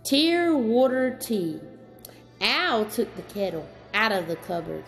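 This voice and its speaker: A woman reading a children's story aloud as storyteller, gentle and slow, chatting to a child in between. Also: fairly high pitch, lively intonation, vocal fry, faint music behind.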